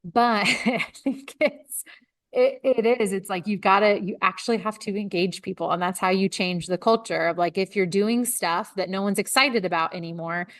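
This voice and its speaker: A woman's voice: mid-range voice, normal speed, a bit bright, no room sound, studio quality. A woman co-hosting a consulting podcast, chatting casually with colleagues, often laughing and filling with "like".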